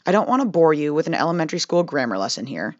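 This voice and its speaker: A young woman with a Midwestern American accent narrates in a wry, conversational tone. Her voice sits on the low side. The recording is dry and slightly dull. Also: big pitch swings, racing, no echo. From Midwestern United States. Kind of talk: scripted narration.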